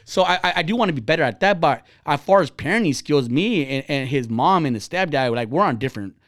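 Profane, animated male podcast host. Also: fairly high pitch, fast talker, no room sound, studio quality. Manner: profane, blunt storytelling; animated and heated. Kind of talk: casual chat.

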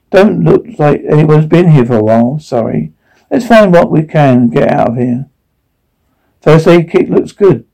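Gravelly man reading zombie-drama cues. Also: fairly high pitch, warm tone, poor audio.

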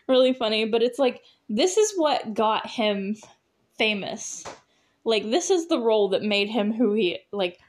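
A woman with a slightly high voice hosts a podcast on her own, talking in a loose, casual way. She laughs often between thoughts and leans on plenty of fillers as she rambles along. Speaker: podcast host. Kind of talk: casual solo chat.

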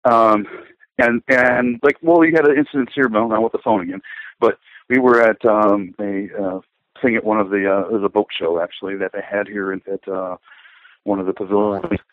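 A man's voice: lowish voice, fairly even intonation, normal speed, no room sound. A middle-aged man talking casually, rambling and hesitant, with many fillers and restarts. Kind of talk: casual conversation. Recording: dull lo-fi sound.

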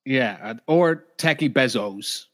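A man co-hosting a casual podcast chat, easygoing and quick to agree. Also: medium pitch, lively intonation, fairly bright tone. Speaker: podcast co-host.

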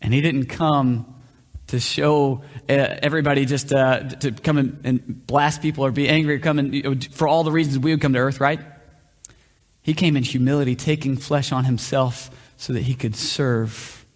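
A man's voice: medium pitch, fairly even intonation, moderate pace. A male pastor preaching a conversational sermon, often asking the room questions. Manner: conversational, asks the room questions, varies pace. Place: church hall. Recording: long reverb of a hall.

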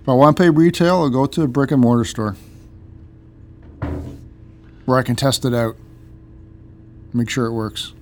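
A man's voice: medium pitch, steady tone, normal speed, pauses often, soft background music. A man co-hosting a casual podcast, blunt and joking as he chats and reads the sign-off. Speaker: podcast co-host.

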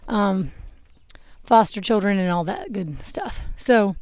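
A woman's voice: medium pitch, lively intonation, takes it slowly, darkish tone, no room sound. A young adult woman chatting casually while grooming her horse, rambling a little and laughing at her own slips. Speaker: horse owner and vlogger. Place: outdoors with a horse. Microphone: clip-on microphone.

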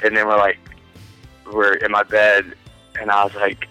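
A man's voice: on the low side, flat delivery, moderate pace, long pauses, sharp tone, no echo, faint music behind, rough recording. A man in his twenties, a podcast guest, telling a long rambling story in casual, profane chat with frequent laughs.

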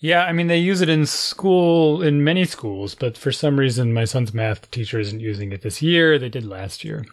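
A man chatting casually with an animated, storytelling delivery. His pitch sits in a middle range, and he jumps into exasperated outbursts when he quotes himself. He sounds like a regular talker in a relaxed conversation. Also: normal speed, hardly any pauses. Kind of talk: casual chat.

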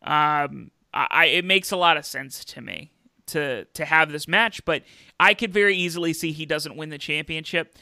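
A man's voice: on the high side, normal speed, vocal fry, sharp tone, no echo. A man hosting a casual wrestling podcast, chatty, with many fillers and restarts. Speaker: podcast host.

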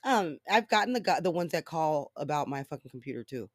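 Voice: medium pitch, animated, fairly quick, no echo, clean studio sound. A podcast host in a casual solo monologue, swearing freely and rambling through stories.

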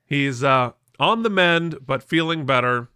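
A man's voice: on the high side, lively intonation, unhurried, sharp tone, clean tone, no room sound, clean studio sound. A man co-hosting a podcast, chatting casually with many fillers and a self-deprecating manner. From Vermont. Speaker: podcast co-host.

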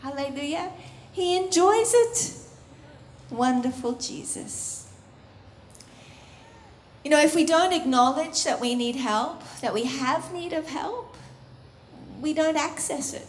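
A woman preaching a sermon in a soft, intimate, earnest way that often drops to a hush. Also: high voice, animated, slow pace, pauses often, a little hiss or hum. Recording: roomy echo.

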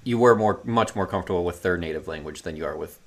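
A man's voice: low voice, fast, noisy background. A young man co-hosting a casual podcast chat, upbeat and jokey, at times reading facts aloud. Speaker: podcast co-host.

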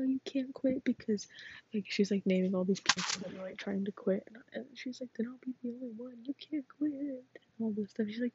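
A woman's voice: mid-range voice, a little mellow, breathy edge, no room sound, muffled recording. A teenage girl in a whispered role-play, rambling chattily through a story. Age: teens. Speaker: vlogger.

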